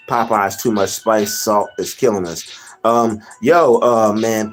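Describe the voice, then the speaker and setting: Low-voiced man chatting on a livestream. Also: a little slow, soft background music. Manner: rambling, greets chatters by name. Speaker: livestream host. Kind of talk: casual livestream chat.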